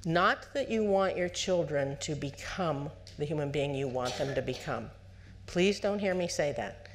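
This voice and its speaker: Lively woman psychologist lecturing parents. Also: low-pitched, slight background noise. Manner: lively, acts out what parents and children say; asks the audience direct questions. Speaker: psychologist speaking at a parenting conference.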